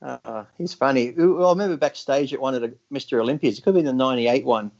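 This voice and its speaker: A man chats casually as a podcast guest, spinning rough anecdotes full of swearing. His voice sits at a middle pitch. The recording is dull and lo-fi. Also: fast talker, darkish tone. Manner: crude, laughing anecdotes, heavy swearing. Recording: dull lo-fi audio.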